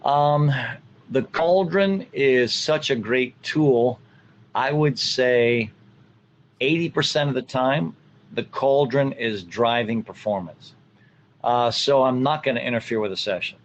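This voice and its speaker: A man's voice: medium pitch, takes it slowly, poor audio. Reflective man explaining coaching, faint noise. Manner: reflective, many fillers, acts out what he tells players. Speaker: college soccer coach. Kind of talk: conversational interview answers.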